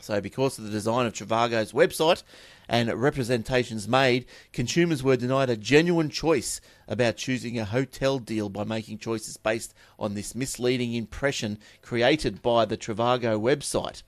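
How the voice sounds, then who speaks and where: A man's voice: mid-range voice, normal speed, no room sound. An Australian man hosting a tech podcast, reading news stories with chatty, offhand asides and repeated words. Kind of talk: casual chat and news reading.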